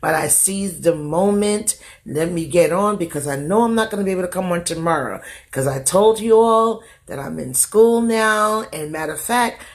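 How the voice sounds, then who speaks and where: A woman's voice: on the low side, moderate pace. A woman hosting a casual livestream from her phone, her voice going from a cold, singing greetings and chatting in a rambling way. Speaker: live stream host. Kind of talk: casual live stream chat.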